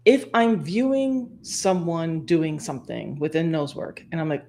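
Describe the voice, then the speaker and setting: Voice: mid-range voice, normal speed, gravelly, hardly any pauses, a little mellow. A host of a livestream chat, asking long, winding questions in a casual way.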